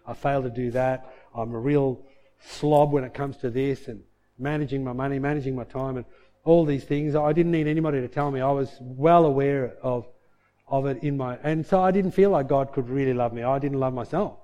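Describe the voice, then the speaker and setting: Soft-to-loud preaching man, mellow voice. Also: fairly even intonation, brisk. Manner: conversational, swings from soft and low to loud and emphatic. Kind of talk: sermon with personal testimony.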